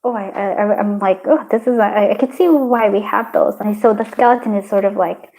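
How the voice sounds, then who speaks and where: A woman giving a pick-a-card tarot reading, talking in a gentle, encouraging way, rambling with many fillers and restarts. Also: mid-range voice, fairly quick, rough recording. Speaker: tarot reader.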